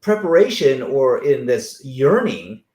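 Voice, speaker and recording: A man hosting an interview, telling stories in an animated way and acting out the people he quotes. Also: mid-range voice, slow, echoey room. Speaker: host. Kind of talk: conversational interview.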